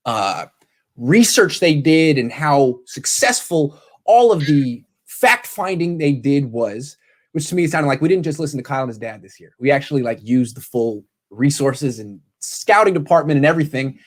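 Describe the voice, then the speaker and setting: Man, sports talk host, casual, lively delivery, voice a bit high. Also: moderate pace. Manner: animated, quotes people in paraphrase.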